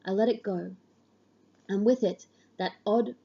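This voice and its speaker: A woman reading a literary story aloud in the first person, measured and grave, on a dull lo-fi recording. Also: medium pitch, steady tone, warm tone, husky. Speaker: audiobook reader.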